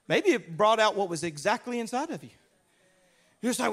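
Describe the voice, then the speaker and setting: A man from Louisiana with a Southern US accent, preaching a sermon as a pastor through animated, humorous storytelling with acted-out voices. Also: very high voice, fairly quick.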